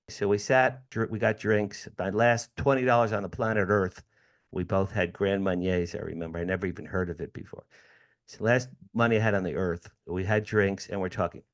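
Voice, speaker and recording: A man in his sixties from the United States, an interview guest telling a personal story with lively acted-out dialogue and frequent laughs. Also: lowish voice, moderate pace. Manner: animated storyteller, acts out dialogue, laughs often.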